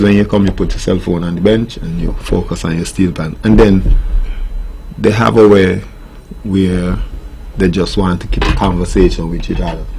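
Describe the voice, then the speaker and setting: Brief: middle-aged Nevisian man, very low voice, earnest and firm, faint hiss behind. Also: vocal fry, a little mellow. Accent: Nevisian Caribbean English. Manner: earnest, firm when listing rules. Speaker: steel pan tutor. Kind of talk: casual interview answers. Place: radio studio.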